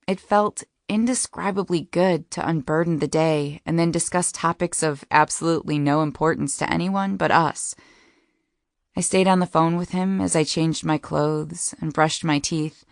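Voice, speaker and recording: A woman's voice: low-pitched, steady tone, normal speed, gravelly, no room sound, studio quality. A woman narrating a first-person romance audiobook in a wry, intimate storytelling manner.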